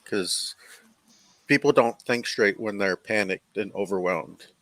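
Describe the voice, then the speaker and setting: A man calmly recounting events in a matter-of-fact way during a casual panel chat. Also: lowish voice, unhurried, dry recording, poor audio.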